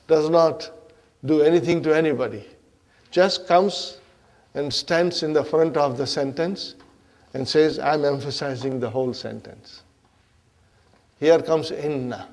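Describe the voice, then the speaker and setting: Slow, higher-voiced man teaching a class. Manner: animated, checks in with the class with frequent "Huh?" and "Are you with me?"; acts out grammar words as characters arguing. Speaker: Arabic teacher. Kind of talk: classroom grammar lesson.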